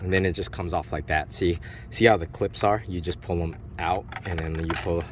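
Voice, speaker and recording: Man, lowish voice, chatty RC car unboxing, filler words, mouth sound effects, faint background noise. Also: steady tone, moderate pace. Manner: rambling, filler-heavy, makes sound effects. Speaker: RC car reviewer. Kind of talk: casual unboxing demo.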